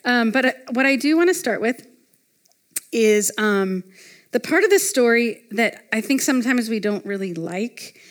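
A woman's voice: on the high side, expressive, moderate pace. A woman speaking to a live audience at a retreat, teaching in a casual, conversational way with many fillers and reading scripture aloud.

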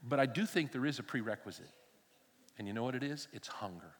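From a church stage, an older male pastor preaches a sermon fast, in a medium-pitched, slightly rough voice with lively intonation. He tells stories animatedly, acting out the dialogue and adding humorous asides, and the audio carries a big-room sound.

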